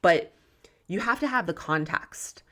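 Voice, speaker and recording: In no hurry, a young woman who coaches nutrition talks passionately on her solo podcast, worked up and emphatic in a tough-love way. Her voice is fairly low, expressive and fairly bright in tone.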